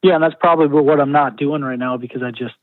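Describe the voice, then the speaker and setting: A man's voice: medium pitch, fairly even intonation, fast, no room sound. Stressed male caller on a tinny phone line. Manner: stressed, earnest. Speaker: caller, business owner. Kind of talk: call-in conversation.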